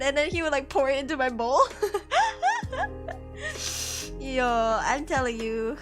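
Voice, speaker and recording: A woman's voice: high-pitched, very animated, measured pace, long pauses, music in the background. A young woman streamer in her twenties chatting casually into a headset, slangy, laughing often. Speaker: VTuber streamer. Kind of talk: casual chat.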